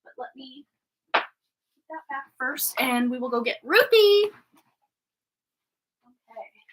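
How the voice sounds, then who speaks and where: A woman's voice: sits high, expressive, slow pace. A woman hosting a tarot livestream, chatting casually and affectionately with viewers, often laughing. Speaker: tarot reader and livestream host.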